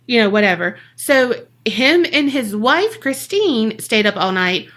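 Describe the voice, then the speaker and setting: A woman's voice: on the high side, unhurried, hardly any pauses. A woman co-hosting a podcast, casually telling a story with slang, swearing and acted-out quotes. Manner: animated, swearing, acts out quoted people in slang. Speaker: podcast co-host.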